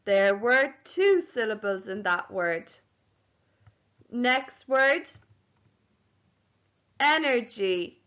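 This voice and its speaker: Woman, primary teacher, very slow, smooth clear voice, home phonics lesson. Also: on the high side, expressive, fairly bright tone, lo-fi sound. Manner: slow, clearly sounding out letters and syllables.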